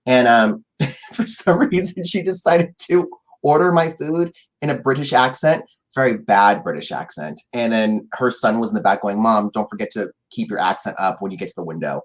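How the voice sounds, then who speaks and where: A man's voice: fairly low pitch, normal speed. A young man co-hosting a casual podcast, campy and theatrical, with crude jokes. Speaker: podcast co-host. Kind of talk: casual chat.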